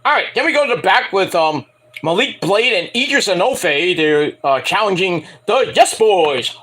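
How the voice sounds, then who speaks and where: A man's voice: sits high, expressive, moderate pace, sharp tone. A man reviewing a wrestling show at home in a casual, rambling rant, profane and mocking, often acting out quotes.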